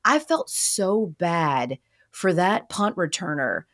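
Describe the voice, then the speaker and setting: A woman's voice: lowish voice, big pitch swings, slow, fairly bright tone. Playful woman hosting a sports talk show. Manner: playful teasing, acts out quoted voices. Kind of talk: casual sports chat.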